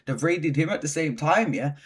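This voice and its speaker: Lively, husky-voiced man telling a story. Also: fairly high pitch, normal speed. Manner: animated, slangy, swears often. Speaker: vlogger. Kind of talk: casual storytelling.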